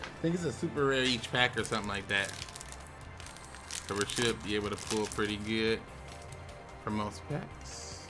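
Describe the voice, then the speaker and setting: A young man hosting a casual video, chatting as he opens packs of game cards. He talks in a relaxed way, with sudden excited outbursts. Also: lowish voice, moderate pace, long pauses, over music. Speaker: YouTube host. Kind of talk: casual commentary while opening game card packs.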